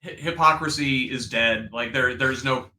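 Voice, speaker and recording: A man's voice: mid-range voice, normal speed, bright, forceful tone, reverberant, poor audio. A man on a discussion panel, speaking sardonically with frequent restarts. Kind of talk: political discussion.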